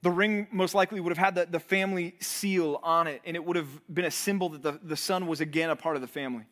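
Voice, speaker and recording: A man, a pastor, preaching a sermon in an earnest way, his voice swelling and then dropping low for emphasis, often repeating words as he builds. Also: fairly even intonation, fast, a bit bright. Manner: repeats and restarts words while building intensity.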